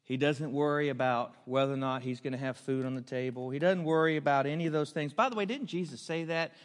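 A man's voice: a little high, fast. Man preaching in a reverberant hall. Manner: earnest, builds to emphatic questions. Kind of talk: storytelling sermon.

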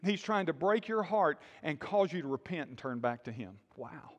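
A man preaching a sermon in a lively call-and-response style, with sudden loud bursts. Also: fairly high pitch, moderate pace. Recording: long hall reverb.

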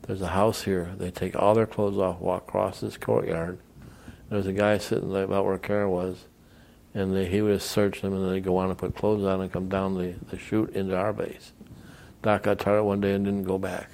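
A man's voice: sits low, level tone, normal speed, vocal fry, darkish tone. An older man, a veteran, telling rambling anecdotes in an oral history interview and acting out the people he quotes.

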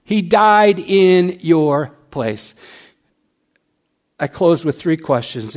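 A man preaching a sermon, reciting rhymed verse, then speaking earnestly and leading a quiet prayer. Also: mid-range voice, animated, slow pace. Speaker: pastor.

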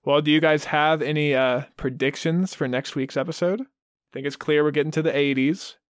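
A man's voice: fairly high pitch, steady tone, brisk, no echo, clean studio sound. Easygoing man on a podcast. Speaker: podcast co-host. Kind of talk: casual chat.

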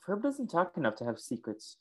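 A co-host talks in a relaxed podcast chat, tossing in quips and getting excited about old shows. The voice sits at a middle pitch and sounds plain and everyday. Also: a little fast. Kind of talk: casual chat.

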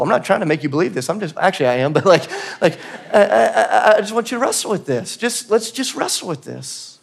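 A man's voice: high-pitched, sing-song, brisk, gravelly, hardly any pauses, fairly bright tone. A man giving a church sermon in a conversational, earnest way, sometimes laughing at himself. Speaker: pastor. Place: church auditorium.

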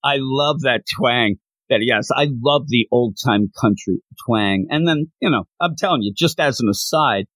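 A young man co-hosting a casual podcast, rambling and animated as he jumps between tangents. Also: mid-range voice, normal speed, no room sound. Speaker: podcast co-host. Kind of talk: casual chat.

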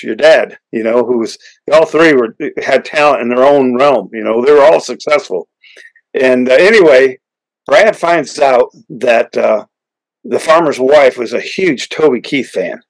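A man's voice: mid-range voice, normal speed, low-quality recording. Rambling American male podcast host. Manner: rambling, many restarts and fillers, builds to excited punchlines. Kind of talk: casual storytelling interview.

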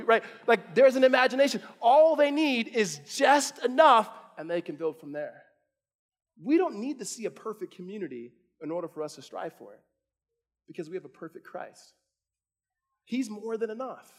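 Man, pastor, sermon, thirties, high voice, chatty, restarts and fillers. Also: animated, normal speed. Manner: casual storytelling with many restarts and fillers.

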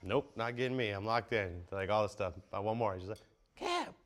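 A man in casual chat as a podcast guest, telling animated, profane stories and jumping into high-pitched quotes. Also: fairly quick. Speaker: podcast guest, baseball player.

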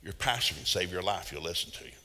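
A male preacher with a bright, ringing voice tells his sermon as folksy stories full of humor. His words roll out into a long echo across a large hall. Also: deep voice, animated, fast, husky. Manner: folksy, humorous storytelling with laughs.

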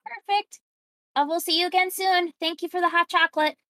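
A woman voicing a cheerful female village baker and merchant in a tabletop game, talking in a bright, eager, sing-song way. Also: very high voice, steady tone, fairly quick, no room sound, pitched above the performer's own voice. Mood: chirpy.

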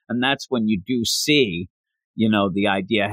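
A man in casual chat, animatedly recapping a story and acting out the characters' lines in quick voices. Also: lowish voice, a bit bright, dry recording.

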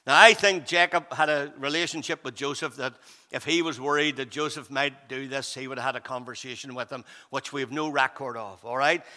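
Here a man with a slightly high, bright, forceful voice preaches at a moderate pace, keeping the sermon conversational. He often asks the congregation "all right?", and the recording carries a long hall reverb.

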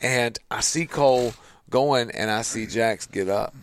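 A man's voice: mid-range voice, measured pace. A man, hosting a show and telling a family story casually, acting out the voices in his quotes. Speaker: podcast host.

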